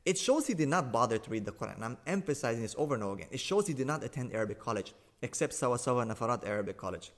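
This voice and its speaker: A man with a mid-range voice argues in a lecturing monologue. He is sarcastic and emphatic, and he repeats his points to drive them home. His voice jumps sharply in pitch and loudness for emphasis. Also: lively intonation, racing, few pauses. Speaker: religious commentator rebutting a video. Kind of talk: argumentative monologue.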